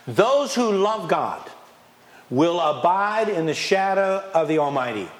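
A male pastor with a slightly high voice for a man preaches at an unhurried pace, addressing the congregation with constant questions. He's animated, swinging between loud and quiet, and now and then mocks excuses in a whiny voice between points.

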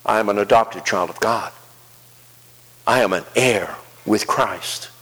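A male pastor preaching a sermon, swinging between soft, low asides and rising, emphatic declarations. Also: a little slow. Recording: long hall reverb.

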